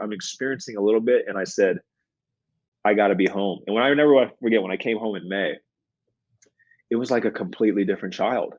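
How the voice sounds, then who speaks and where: A man's voice: lowish voice, a little mellow, breathy edge, no room sound, lo-fi sound. A middle-aged man, a guest on an interview show, speaking earnestly and reflectively and repeating phrases for emphasis. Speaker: guest, former pro basketball player and mindset coach. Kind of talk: conversational interview storytelling.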